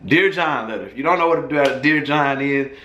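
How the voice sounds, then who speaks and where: A man's voice: medium pitch, moderate pace, bright, forceful tone, roomy sound, a little hiss or hum. A man casually telling a personal story in a loose, profane, conversational way.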